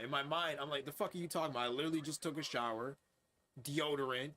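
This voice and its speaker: A man's voice: mid-range voice, fast, bright, forceful tone, slight background noise. A man in his twenties chatting candidly and profanely while livestreaming a game, rambling with lots of fillers. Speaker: gaming streamer. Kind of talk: casual chat while livestreaming.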